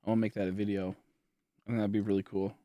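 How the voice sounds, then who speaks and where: A tired young man streams from home indoors, chatting casually with his viewers as a game streamer. He talks very fast in a level, mellow voice on the low side, rambling and thinking aloud with lots of filler. There's no room sound.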